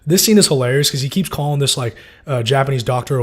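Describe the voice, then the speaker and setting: A man's voice: mid-range voice, fast. A man giving a loose, casual breakdown of TV episodes, full of fillers and swearing. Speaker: TV show recapper.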